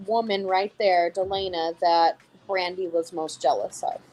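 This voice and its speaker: A woman's voice: fairly low pitch, fairly even intonation, measured pace, a little mellow, low-quality recording. A woman speaking as a guest in a casual interview, talking in a heartfelt, reminiscing way.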